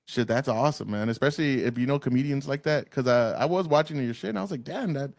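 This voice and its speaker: A man from Texas hosting a casual podcast chat over a video call, laid-back and profane, telling stories with lively put-on voices. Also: mid-range voice, fast talker, no room sound, clean studio sound. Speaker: podcast host.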